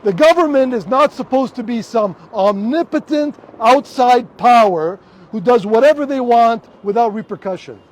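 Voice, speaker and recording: Canadian man, middle-aged, high voice, fervent rally speaker outdoors, repeats slogans. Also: animated, normal speed. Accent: Canadian English. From Toronto, Canada. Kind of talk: public protest speech. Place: outdoors in front of a hospital.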